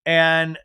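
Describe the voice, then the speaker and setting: Animated man, dry close sound. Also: on the high side, clear, resonant tone, no room sound. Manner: animated, jokey, acts out quotes in different voices. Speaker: podcast host. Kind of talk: casual recap commentary.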